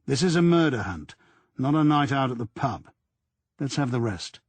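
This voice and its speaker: A man doing a gruff, curt detective chief. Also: medium pitch, very animated, normal speed, no room sound. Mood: brusque. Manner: curt, snappish commands. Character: gruff blunt male police superintendent.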